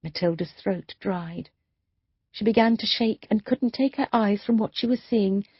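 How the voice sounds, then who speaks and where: A woman's voice: medium pitch, a little slow, breathy edge, dry recording, highs cut off. A woman narrating an audiobook, reading the dialogue with light shifts for each character. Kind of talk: scripted narration.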